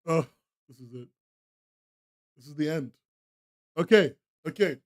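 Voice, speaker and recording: High-voiced young man laughing through mock outrage. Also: measured pace. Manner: laughs often, mock outrage, talks to chat. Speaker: streamer. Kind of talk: live stream chat.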